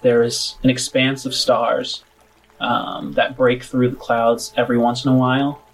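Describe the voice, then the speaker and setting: A man running a tabletop role-playing game as game master, narrating scenes in a relaxed, descriptive way with frequent filler words. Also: medium pitch, unhurried, faint music behind, low-quality recording.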